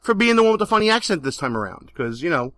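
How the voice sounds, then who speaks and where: A man's voice: sits high, very animated, fast talker, fairly bright tone, no echo. A man with a Brooklyn accent hosting a political talk radio show, brash and jokey as he plugs the show.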